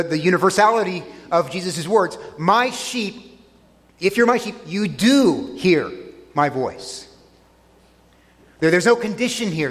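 A man preaching a sermon, earnest and emphatic, slowing down to stress key phrases. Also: high-pitched, fairly bright tone, in a large hall. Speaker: pastor.

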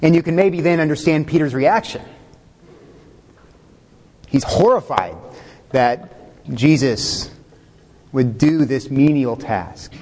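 A man's voice: fairly high pitch, slow, pauses often, a little mellow. Man preaching a sermon in a hall. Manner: conversational, asks the congregation questions, chuckles. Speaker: pastor.

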